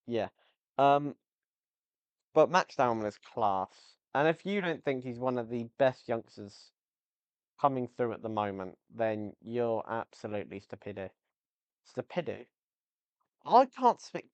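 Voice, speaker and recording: A man's voice: mid-range voice, clean tone, no room sound. A man hosting a casual football podcast, rambling and joking, easily sidetracked into tangents. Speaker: podcast host. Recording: slightly dull lo-fi audio.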